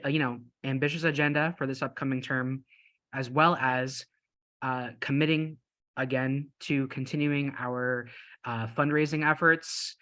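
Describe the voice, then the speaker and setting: A man's voice: mid-range voice, pushed and bright. A young man on a video call giving a short upbeat statement as a newly elected officer, with some restarts.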